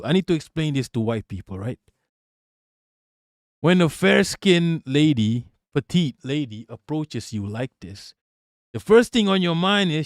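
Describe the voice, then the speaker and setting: A man's voice: fairly high pitch, expressive, moderate pace, no room sound, clean studio sound. A man commenting on a video clip during a live stream, blunt and profane, often repeating himself when worked up.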